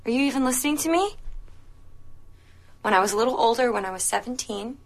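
A young mother, speaking to her child in a fairly high voice, patient but firm as she tells the story. The sound is a clean film-dialogue recording. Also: expressive, quick pace. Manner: storytelling to a child, gently insistent.

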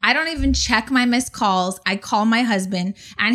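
A woman in her forties telling a story in a casual, animated way, swearing often. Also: fairly high pitch, a little slow, hardly any pauses. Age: 40s. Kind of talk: casual anecdote on a talk show.

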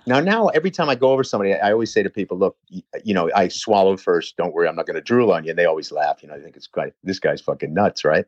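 A man telling a lively, swearing anecdote in a casual chat, talking fast. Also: sits low, dry recording, dull audio. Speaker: personal trainer telling a story.

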